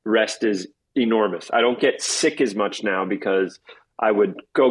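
A man aged forty, a guest actor chatting in an interview, rambling and excitable with quick asides. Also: fairly low pitch, slightly rough, rough recording. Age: 40s. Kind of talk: casual interview chat.

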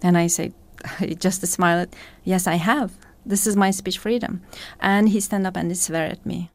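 A woman's voice: on the low side, measured pace, no echo. Woman activist telling a story in English. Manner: animated storytelling in non-native English. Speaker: activist interviewee. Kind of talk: recounting a personal incident.

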